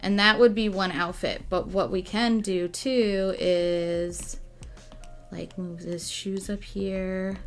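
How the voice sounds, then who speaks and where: A young woman chatting casually while she draws on a livestream, musing softly and now and then gushing thanks to viewers. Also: mid-range voice, soft background music. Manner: soft, musing and slow, bursting into excited gushing thanks. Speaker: artist streaming a drawing session.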